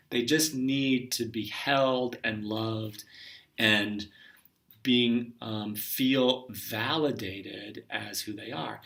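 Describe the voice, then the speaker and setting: Male spiritual teacher, gentle and musing, clear bright timbre, recorded from a slight distance. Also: mid-range voice. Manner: gentle, musing, often trails off softly. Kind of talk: reflective solo talk.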